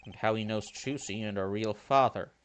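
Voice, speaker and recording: A man's voice: on the low side, moderate pace, faint music behind. A man casually commenting while playing a game, swearing freely and reading lines aloud. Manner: animated, swears freely, reads dialogue aloud. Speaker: game streamer. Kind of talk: casual let's play commentary.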